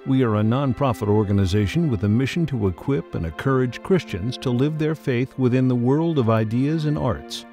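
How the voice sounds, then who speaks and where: A man reading a scripted sponsor announcement in a measured, even way. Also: mid-range voice, soft background music.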